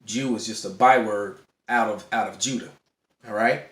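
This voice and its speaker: A man's voice: on the low side, normal speed, fairly bright tone. A man teaching to a camera in a casual way, often restarting words and checking in with "all right". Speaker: bible teacher. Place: indoor room. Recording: roomy echo.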